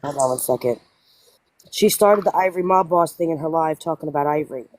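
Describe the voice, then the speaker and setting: A woman hosting a casual live stream, talking fast and insistently, often asking "you know what I mean". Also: low voice, darkish tone, no echo. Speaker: host.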